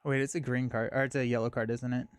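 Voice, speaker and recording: A man's voice: mid-range voice, flat delivery, clean tone, no echo. Casual man thinking aloud, dry sound. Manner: thinks aloud, halting with fillers and restarts. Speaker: live stream host. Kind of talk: casual live-stream chat.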